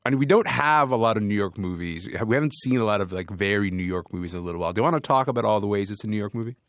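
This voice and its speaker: A man's voice: fairly low pitch, expressive, very fast, dry recording, studio quality. A man hosting a casual film panel chat, thoughtful and rambling, with frequent restarts as he asks questions. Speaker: radio show host. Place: studio, away from his usual city.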